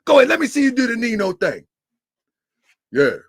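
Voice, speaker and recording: Loud high-pitched man teasing on stream. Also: wildly swooping pitch, fairly quick, gravelly, husky, no room sound, studio quality. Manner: loud, laughing, teasing, repeats himself. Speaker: livestream host. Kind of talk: live stream commentary.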